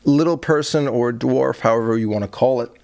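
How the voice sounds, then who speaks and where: Man, podcast guest, casual storytelling, animated, swears a lot, acts out his panic. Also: medium pitch, fairly quick, vocal fry, smooth.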